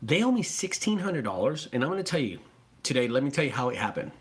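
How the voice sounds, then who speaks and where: A man who runs a junk removal business, talking casually and excitably to his viewers, swearing freely and repeating himself. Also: mid-range voice, fast. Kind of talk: casual profane vlog talk.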